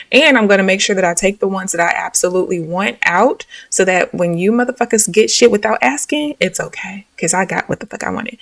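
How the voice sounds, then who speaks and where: A woman's voice: mid-range voice, dry recording, recorded from a distance. A young woman tells a rambling, exasperated story, dropping slang and swear words. Her voice is dry and sits a bit back from the microphone. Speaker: live trading streamer. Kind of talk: casual storytelling while trading live.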